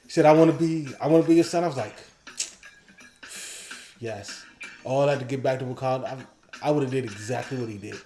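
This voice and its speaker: A man co-hosting a casual talk show, ranking episodes and excitedly quoting scenes in animated bursts. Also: medium pitch, a little fast, long pauses, echoey room, slight background noise. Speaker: podcast co-host.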